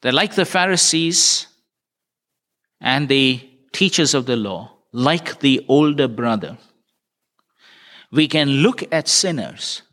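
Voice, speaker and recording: A man's voice: medium pitch, lively intonation, slow pace, pauses often, fairly bright tone. A man preaching a sermon, retelling a parable and putting earnest, searching questions to his listeners.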